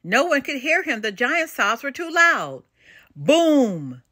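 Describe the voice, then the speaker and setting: An older woman reads a children's storybook aloud, full of expression. Her voice is bright and lively, a bit high for a woman, and recorded close and dry. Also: normal speed, no echo. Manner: expressive and animated. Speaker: storybook reader. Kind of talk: children's read-aloud narration.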